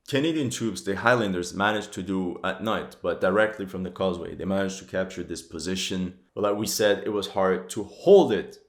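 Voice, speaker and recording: Low-voiced man reacting to a war movie. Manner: critical, exasperated outbursts. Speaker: history channel host reacting to a war film. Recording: roomy echo.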